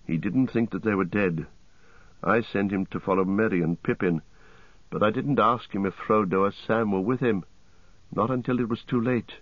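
A man's voice: fairly low pitch, normal speed, dry recording, dull audio, close to an everyday voice. Aragorn, a man reading as a weary grim ranger. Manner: weary, grave.

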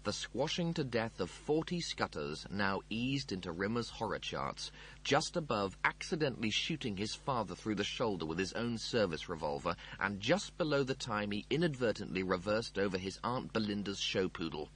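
A man reading a comic novel aloud as narrator, in a wry and expressive storytelling manner. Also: on the low side, moderate pace, a little hiss or hum. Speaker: audiobook narrator. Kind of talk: scripted narration.

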